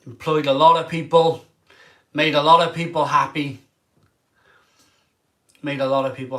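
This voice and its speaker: A man in an emotional vlog monologue as a craft beer reviewer. He sounds tearful and halting, and often trails off mid-sentence. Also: fairly high pitch, steady tone, sharp tone.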